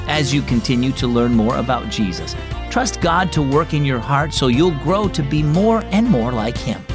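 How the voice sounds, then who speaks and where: A man hosting a children's devotional radio show, reading a story in a friendly, expressive storyteller manner. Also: medium pitch. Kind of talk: scripted storybook narration for children.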